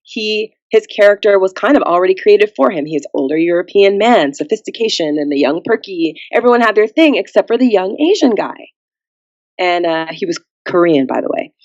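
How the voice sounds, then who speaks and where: A woman's voice: medium pitch, fairly quick, dry recording, dull audio. A woman guest on a podcast, chatting casually and acting out the people in her story. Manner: animated storyteller who acts out quotes.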